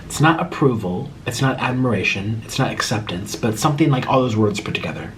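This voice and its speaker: A man's voice: mid-range voice, animated, brisk, a little hiss or hum. A young man hosting a casual vlog Q and A, talking straight to camera with dramatic swings between exasperation and mockery. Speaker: YouTuber hosting a Q and A.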